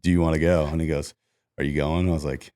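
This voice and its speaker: Man, very low voice, casual storyteller, acts out quotes, podcast guest. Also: fast. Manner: animated storyteller acting out quotes. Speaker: music manager guest.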